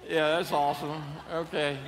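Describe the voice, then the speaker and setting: Man, 50s, pastor, high voice, sermon in a reverberant church hall. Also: little pitch movement, moderate pace, fairly bright tone, a little hiss or hum. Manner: playful, jokes with the congregation, leads them in call-and-response. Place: large church auditorium. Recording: hall reverb, faint ambience.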